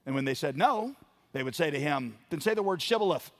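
A man preaching a sermon, building to loud emphatic lines and dropping to quiet ones. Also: medium pitch, fast talker. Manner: emphatic preaching, dramatic swings in volume. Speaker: pastor.

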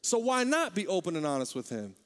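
A young man preaching a sermon as pastor, talking in a candid, conversational way and growing animated. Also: high-pitched, a little fast, long reverb tail.

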